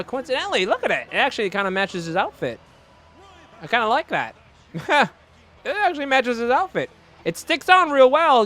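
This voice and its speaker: A young man with a high, bright voice gives upbeat, rambling commentary over a video game. He jokes along as he describes the action. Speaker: let's play host.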